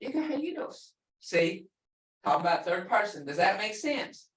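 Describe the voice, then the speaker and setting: A woman's voice: fairly low pitch, a little slow, a bit bright, slight background noise. A woman teaching a language class in a casual, chatty way, explaining through stories and repeating words for her learners. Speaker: language instructor. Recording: echoey room, voice far from the mic.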